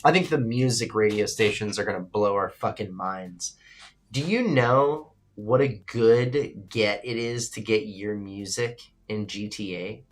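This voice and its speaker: A man's voice: on the low side, unhurried. A man hosting a live-streamed show, chatting casually, reading viewer comments and giving loose, opinionated takes with free swearing. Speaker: livestream radio show host.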